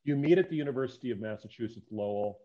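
A man from the upper Midwest hosting a casual interview, asking rambling questions with a joking, animated manner. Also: mid-range voice, fast talker, highs cut off. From upper Midwest near Minnesota. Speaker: interview host.

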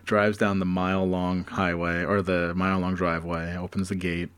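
Podcast co-host, man, very low voice, dry close sound, rambling improv storyteller. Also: level tone, normal speed, a bit bright, smooth, no room sound. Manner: rambling, profane, loose, many fillers.

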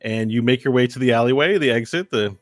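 A man's voice: mid-range voice, quick pace, no echo. Man narrating a tabletop game, dry. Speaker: game master.

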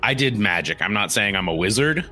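A man's voice: fairly low pitch, brisk, faint music behind. A man co-hosting a podcast in casual chat, joking and rambling. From small town. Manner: jokey, animated, rambling. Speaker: podcast co-host.

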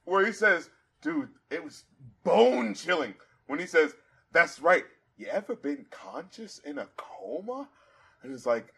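A man hosting a casual album review podcast, animated and profane, quoting lyrics aloud and laughing often. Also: on the high side, normal speed, breathy edge.

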